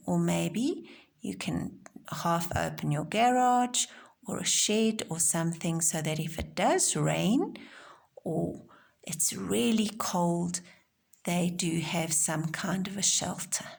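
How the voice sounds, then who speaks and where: Woman teacher, gravelly voice, slightly low pitch, gentle lesson for young kids. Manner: slow, gentle, explaining simply to small children. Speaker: primary school teacher. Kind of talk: recorded home-learning lesson for young children.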